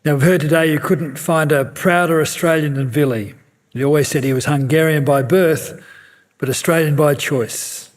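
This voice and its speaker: Gentle man hosting a memorial service. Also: on the high side, fairly even intonation, moderate pace. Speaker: master of ceremonies. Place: theatre.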